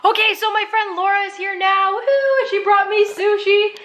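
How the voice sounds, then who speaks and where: A woman's voice: very high voice, steady tone, moderate pace, bright, forceful tone. A young woman vlogging casually, bubbly and chatty, cooing in baby talk at her dog. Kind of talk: casual vlog chat.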